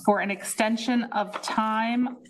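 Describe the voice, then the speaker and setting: Woman, board chair, reads resolutions, brisk informal asides, noisy meeting recording. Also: on the high side, fairly even intonation. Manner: brisk, informal asides between formal readings. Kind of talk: chairing a public meeting, reading resolutions aloud. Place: town hall meeting room. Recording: noisy town-hall meeting audio.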